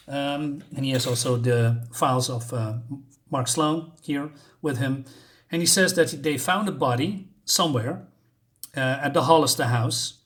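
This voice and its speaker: A man's voice: mid-range voice, moderate pace, fairly bright tone. A man casually reviewing a comic book, rambling with lots of ums and uhs and correcting himself as he goes.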